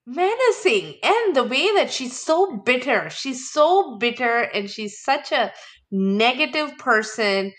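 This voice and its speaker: A woman's voice: high-pitched, big pitch swings, slow, a bit bright. A woman guest on a podcast, chatting casually about reality TV, opinionated and laughing. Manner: opinionated, laughing, rhetorical questions.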